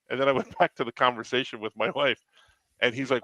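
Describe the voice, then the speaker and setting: A man's voice: mid-range voice, steady tone, bright, forceful tone, no echo, poor audio. A man on a podcast telling a story casually, repeating words as he restarts and acting out what people said. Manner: halting, repeats words, acts out quotes. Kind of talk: casual chat.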